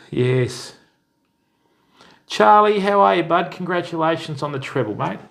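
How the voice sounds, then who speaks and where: With a fairly high, gravelly, fairly bright voice, an Australian man runs a laid-back fishing live stream. He talks with viewers in a friendly way, greeting them by name and calling folks mate and bud.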